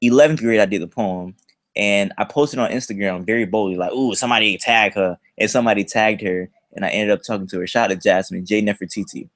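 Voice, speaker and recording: A young man chatting on a livestream, rambling through a slangy high school story. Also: fast, dry recording, studio quality. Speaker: livestream host.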